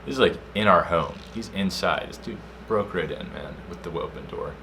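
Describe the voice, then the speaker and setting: A young man co-hosting a casual podcast, telling a story with slang and loud acted-out quotes. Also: low voice, normal speed, gravelly, a little hiss or hum. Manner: animated storyteller, slangy, acts out quotes loudly. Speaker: podcast co-host.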